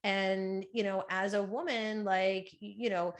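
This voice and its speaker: A middle-aged woman with a loud, projecting voice, giving a chatty motivational talk at a women's conference. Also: mid-range voice, flat delivery. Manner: chatty, with fillers and quick asides. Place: conference room, live talk.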